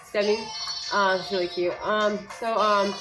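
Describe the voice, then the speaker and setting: A woman's voice: mid-range voice, fairly even intonation, measured pace, low-quality recording. Young mom, casual advice vlog, chatty and rambling with lots of "um" and "like", music playing behind her. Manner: rambling, many fillers and restarts. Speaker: parent sharing speech tips.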